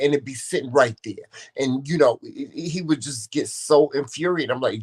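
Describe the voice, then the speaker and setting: A man's voice: medium pitch, normal speed, husky. A man co-hosting a casual podcast, talking earnestly and often restarting his sentences. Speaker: co-host.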